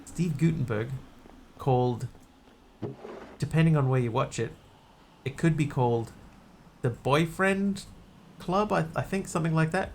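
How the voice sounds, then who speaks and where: Gravelly-voiced man streaming a game. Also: a little high, measured pace, a little hiss or hum. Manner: rambling and wry. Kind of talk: casual gameplay chat.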